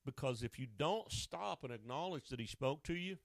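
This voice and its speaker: A male preacher with a gravelly, mid-pitched voice delivers a sermon, pushing some lines out with force and dropping others to a near hush. The sound is dry and close, with no room around it. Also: animated, moderate pace, dry recording. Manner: dynamic preaching with swings from loud emphasis to hushed asides.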